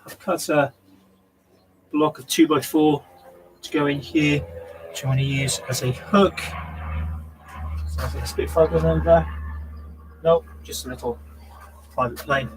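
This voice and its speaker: A man's voice: medium pitch, fairly bright tone, a little hiss or hum, rough recording. A man live-streaming from his home workshop, chatting casually to viewers and thinking aloud between tasks. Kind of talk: casual chat while working.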